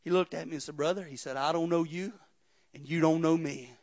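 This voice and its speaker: A male pastor preaching a sermon, moving from quiet testimony to rhythmic shouted preaching with "uh" breaths. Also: a little high, steady tone, a little fast, lo-fi sound.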